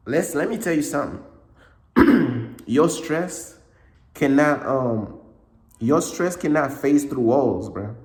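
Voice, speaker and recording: A man giving a casual motivational talk, repeating himself often, with a slightly cracking voice and frequent throat clearing. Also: mid-range voice, a little mellow, echoey room. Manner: repetitive, conversational, frequent "bruh" and "you know what I'm saying". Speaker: motivational speaker.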